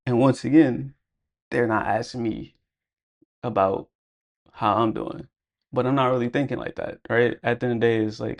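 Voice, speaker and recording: A man's voice: medium pitch, fairly even intonation, normal speed, vocal fry, pauses often. A young man telling a personal story to camera in a casual, reflective way, full of "like" and "you know". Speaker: vlogger.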